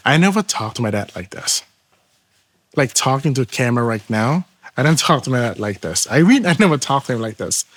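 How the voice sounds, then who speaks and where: A man from Thailand with a Thai accent tells a personal testimony in earnest, halting English and acts out the dialogue as he goes. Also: medium pitch. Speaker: testimony guest.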